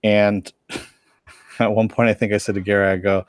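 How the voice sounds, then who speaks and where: Male co-host, lowish voice, dry close recording, rambling joker who restarts sentences. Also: little pitch movement, normal speed, long pauses, clean tone, dry recording. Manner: rambling storyteller with frequent restarts, joking and self-mocking. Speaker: podcast co-host reporting on a convention. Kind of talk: casual live-stream chat.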